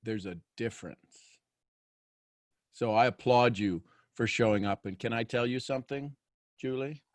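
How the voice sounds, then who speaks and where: Male host, mid pitch, earnest encouraging coaching talk, dry close sound. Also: normal speed, dry recording. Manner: earnest, encouraging, speaks straight to the guest. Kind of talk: motivational coaching conversation.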